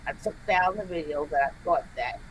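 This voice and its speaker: A guest content creator in a casual livestream chat, talking emphatically and complaining in quick bursts. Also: medium pitch, slight background noise, low-quality recording.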